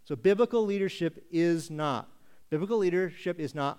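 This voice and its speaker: A male pastor preaching a sermon with emphatic, deliberate rhetorical questions. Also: high-pitched, a little mellow, clear, resonant tone.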